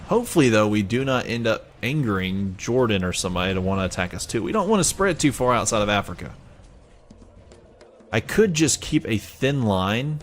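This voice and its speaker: A man's voice: fairly low pitch, animated, a little fast, slight background noise. A man with a Southern US accent giving casual, rambling gameplay commentary, chatty and self-mocking. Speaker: let's play gamer.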